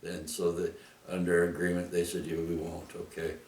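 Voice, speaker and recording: Man, very deep voice, rambling storyteller, echoey room with faint noise behind. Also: completely flat delivery, moderate pace, a little mellow, distant mic. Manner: rambling, with frequent "eh?" and "right?" tags. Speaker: vlogger telling a personal story. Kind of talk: casual storytelling.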